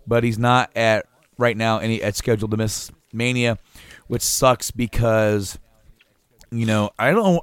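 A man's voice: medium pitch, clean tone, dry recording. A man co-hosting a casual podcast chat, rambling with restarts, laughing often and swearing casually. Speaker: podcast co-host.

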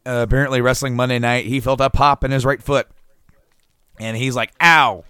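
A man's voice: medium pitch, flat delivery, fairly quick, fairly bright tone, clean tone, no room sound, clean studio sound. A man co-hosting a casual podcast chat, rambling with restarts, laughing often and swearing casually. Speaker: podcast co-host.

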